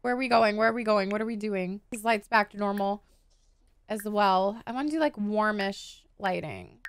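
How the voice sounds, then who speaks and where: A woman giving excited commentary while playing a life-simulation game, gushing, gasping and squealing, with casual swearing. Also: medium pitch, normal speed, clear, resonant tone, no room sound. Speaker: gaming streamer.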